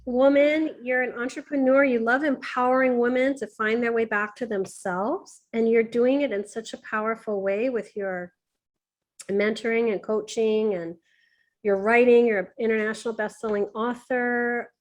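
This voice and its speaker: A woman hosting an interview, affirming her guest and talking in quick bursts. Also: a little high, fairly even intonation. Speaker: podcast host. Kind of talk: casual interview chat.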